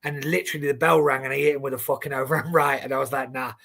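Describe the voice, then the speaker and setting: A man in his forties, an animated storyteller who swears freely and restarts his sentences often, chatting casually on a boxing stream. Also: mid-range voice, very fast, creaky. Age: 40s. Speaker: boxing watchalong co-host. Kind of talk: casual chat.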